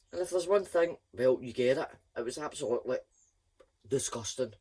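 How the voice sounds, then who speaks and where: A woman reading a children's story aloud in a lively, expressive first-person voice. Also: low voice, breathy edge.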